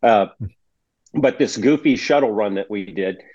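A man in his sixties being interviewed, speaking in a measured, plainspoken way with frequent pauses and fillers. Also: on the low side, a little mellow, no room sound. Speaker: guest, retired federal agent. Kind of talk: conversational interview. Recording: slightly muffled audio.

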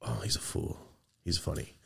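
A young man co-hosting a casual podcast, ranting in an animated way and swearing freely. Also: normal speed. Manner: animated ranting, swearing, jumps into shouted impressions. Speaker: podcast co-host.

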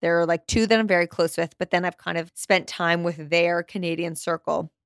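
Gushing American woman podcast host, slightly low voice, dry close sound. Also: clear, resonant tone, dry recording. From United States. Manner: gushing and excitable, quick asides. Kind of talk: casual podcast chat.

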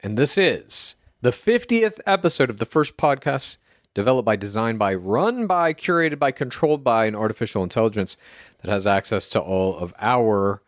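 A man co-hosting a podcast, joking in a casual, deadpan bro way. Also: on the low side, moderate pace, no echo, clean studio sound. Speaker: podcast co-host. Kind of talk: casual chat.

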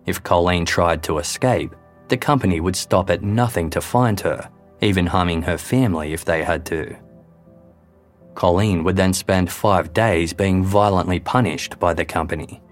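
A man reading a scripted true-crime narration in a measured, grave way. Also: sits low. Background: faint background music.

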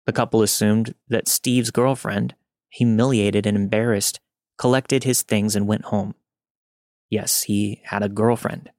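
Guy with a lowish voice reading a creepy true story, dry close sound. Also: steady tone, unhurried, darkish tone, no echo. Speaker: narrator. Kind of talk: scripted first-person scary story narration.

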